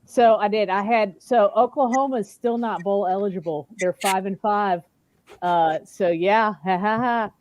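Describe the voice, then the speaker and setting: A woman's voice: mid-range voice, measured pace, a little mellow, a little hiss or hum. A woman panelist in casual sports chat, talking in a fired-up, emphatic rant.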